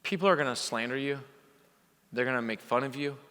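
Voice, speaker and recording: A man's voice: mid-range voice, brisk, fairly bright tone. A man coaching repair shop owners in a motivational speech to a live audience, impassioned, pushing into emphatic peaks. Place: conference hall. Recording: hall reverb from a live venue.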